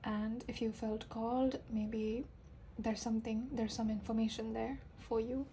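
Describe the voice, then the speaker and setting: Woman tarot reader, voice sitting a bit high, casual and gushing, faint ambience behind. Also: a little slow, slight background noise, low-quality recording. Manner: chatty, talks straight to viewers, many fillers; excitable, voice rises with enthusiasm. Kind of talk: casual tarot reading to camera.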